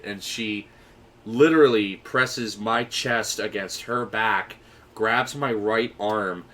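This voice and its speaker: A young man in his twenties co-hosting a casual podcast, telling a long story with lively acted-out quotes. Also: lowish voice, takes it slowly. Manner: animated storyteller, acts out quoted voices. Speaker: podcast co-host.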